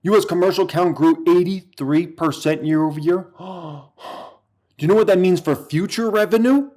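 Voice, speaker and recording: A man hosting a livestream, reacting with excited shouts, whoops and swearing. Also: high-pitched, moderate pace. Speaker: livestream host reacting to stock news.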